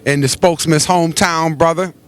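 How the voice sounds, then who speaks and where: A man's voice: on the high side, steady tone, a little fast, clear, resonant tone. A man hosting, introducing the show with an upbeat delivery. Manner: upbeat announcing. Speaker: host. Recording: talk over music.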